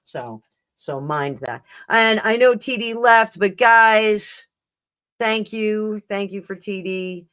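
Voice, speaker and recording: A woman's voice: medium pitch, slow pace, a bit bright, clear, resonant tone. A woman hosting a live tarot stream, chatting casually and rambling, with frequent laughs and restarts. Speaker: tarot reader and livestream host. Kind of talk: casual livestream chat.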